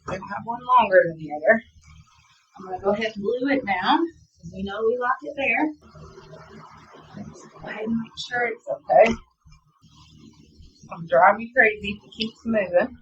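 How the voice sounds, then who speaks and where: A woman's voice: mid-range voice, moderate pace, pauses often, fairly bright tone, highs cut off, a little hiss or hum. A woman with a Southern US accent, chatting casually and teasing herself while teaching a craft step by step. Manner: chatty, self-teasing, talks to viewers as "y'all". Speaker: craft instructor.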